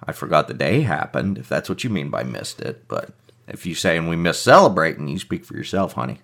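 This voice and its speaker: Gravelly joking radio co-host man. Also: rumbling low, sing-song, a little fast, fairly bright tone. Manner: joking, playful teasing. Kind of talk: casual banter on radio.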